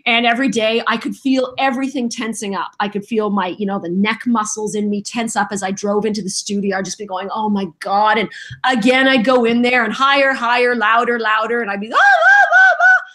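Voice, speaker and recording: A middle-aged woman, a voice actress guest on a podcast, telling lively stories and acting out voices and quotes in casual chat. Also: on the high side, brisk. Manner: lively storyteller who acts out voices and quotes.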